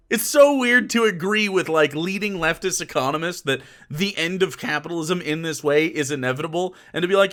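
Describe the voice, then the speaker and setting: A young man with a high voice that leaps all over the place, ranting sarcastically as he reacts to a video on stream. He swears freely and talks in quick, rambling bursts. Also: lively intonation, a bit bright. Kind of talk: casual reaction commentary.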